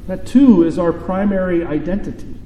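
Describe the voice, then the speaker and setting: A man preaching a sermon as pastor, telling a story slowly and deliberately with dramatic pauses. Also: sits high, dull audio, slight background noise. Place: church sanctuary. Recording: echoey church with long reverb.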